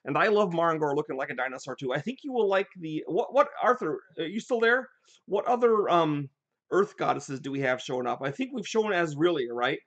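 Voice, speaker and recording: A man's voice: on the high side, fairly quick, highs cut off. Older man telling rambling tabletop stories. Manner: animated storyteller, rambling with restarts. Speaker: game designer hosting a live chat. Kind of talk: casual live-stream chat and anecdotes.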